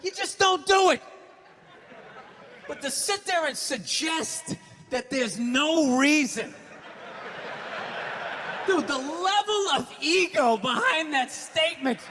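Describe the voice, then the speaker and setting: Ranting comedian with a high, sharp voice. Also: male voice, lively intonation, slow pace, pauses often, slight background noise. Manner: ranting, profane, bursts into shouts. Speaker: stand-up comedian. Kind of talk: stand-up comedy routine. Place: large venue on stage. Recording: hall reverb with faint ambience.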